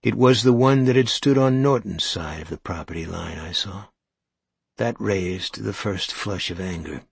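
A man narrating a story in the first person, in an even, measured storytelling manner. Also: low voice, creaky, husky, no echo. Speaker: audiobook narrator.

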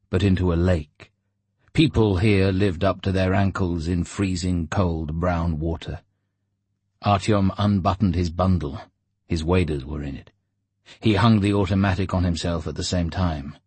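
Brief: man, deep and slightly husky, steady audiobook narration, dry close sound. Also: no room sound. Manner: measured, steady storytelling. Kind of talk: scripted narration.

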